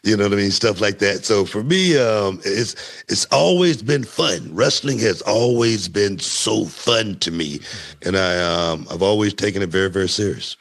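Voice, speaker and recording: Lively low-voiced man telling stories. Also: normal speed, creaky. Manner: animated, laughing storyteller with wide pitch swings. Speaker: guest, former wrestler. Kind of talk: casual interview storytelling.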